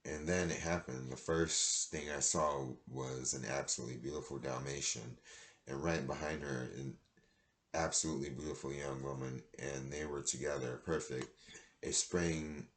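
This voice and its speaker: A man's voice: rumbling low, fairly even intonation, normal speed, fairly bright tone. A man reading a children's storybook aloud, with plain delivery and some stumbles and restarts. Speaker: reader.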